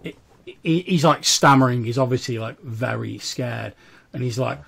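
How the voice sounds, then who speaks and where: A man's voice: medium pitch, moderate pace, vocal fry, a bit bright, husky. A man narrating a tabletop game as game master, in a casual, filler-heavy way.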